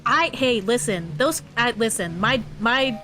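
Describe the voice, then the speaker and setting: A woman's voice: a little high, expressive, a little slow, background noise. A tired young woman co-hosting a stream, chatty and stumbling over her words. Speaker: co-host. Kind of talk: casual stream chat.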